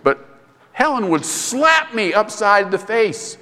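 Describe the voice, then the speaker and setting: A man preaching a sermon in a conversational way, jumping his pitch up high when he acts out other voices. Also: very animated, slow, sharp tone, in a large hall. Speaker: pastor.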